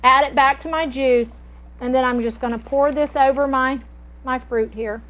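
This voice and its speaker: A woman's voice: high voice, steady tone, moderate pace, a bit bright, poor audio. A middle-aged woman, chatting and telling stories while teaching a cooking class. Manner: chatty, storytelling, folksy. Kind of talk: casual cooking demonstration.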